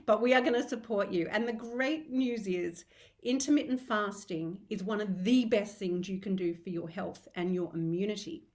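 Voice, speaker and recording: A middle-aged woman with an Australian accent hosts a diet group in a casual live video, speaking in a heartfelt, encouraging way with rambling restarts. Her voice is medium-pitched, at a moderate pace.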